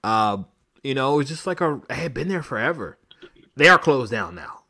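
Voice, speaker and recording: A young man co-hosting a podcast, telling a crude story with plenty of laughing and quick acted-out voices. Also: mid-range voice, animated, pushed and bright. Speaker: podcast co-host. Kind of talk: casual podcast chat.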